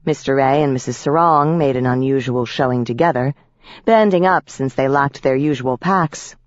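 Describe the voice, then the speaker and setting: A woman narrating a first-person audiobook with a wry, lively storytelling manner. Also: rumbling low, moderate pace, no room sound, lo-fi sound.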